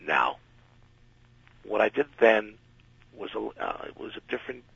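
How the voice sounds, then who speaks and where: A man telling an anecdote as a radio interview guest, animated and acting out the people in his story. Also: on the low side, a little slow, vocal fry, breathy edge, no echo. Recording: dull lo-fi radio recording.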